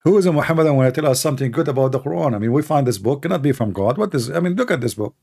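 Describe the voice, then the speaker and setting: A man with a non-native English accent hosting a call-in livestream, telling stories in a rambling, animated way. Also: mid-range voice, racing, vocal fry, husky. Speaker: host of a call-in show. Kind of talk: casual livestream talk.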